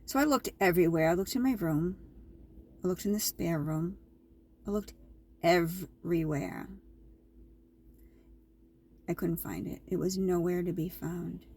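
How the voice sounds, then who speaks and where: A woman's voice: fairly low pitch, a little slow, long pauses, warm tone, slightly rough. A woman vlogger casually telling her viewers a story, chatty and repetitive, with an indignant edge.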